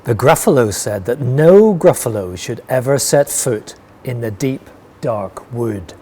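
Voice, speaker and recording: A man reading a rhyming picture book aloud with a rhythmic, expressive delivery. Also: medium pitch, a little slow, husky. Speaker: storyteller.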